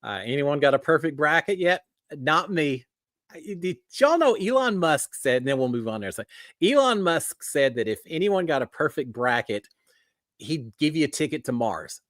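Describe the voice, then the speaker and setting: A middle-aged Texan man chats on his live stream in a folksy, upbeat way. His voice is bright and sits a bit high, with a lively swing in pitch. The sound is dry and close. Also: moderate pace, no room sound. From Texas. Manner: folksy and upbeat, greeting viewers by name. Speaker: host of a live reality TV chat stream. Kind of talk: casual live-stream chat.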